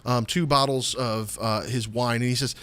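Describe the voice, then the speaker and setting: A man narrating as game master in a tabletop game, halting and full of fillers as he describes the scene. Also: mid-range voice, fairly even intonation, a bit bright, no room sound.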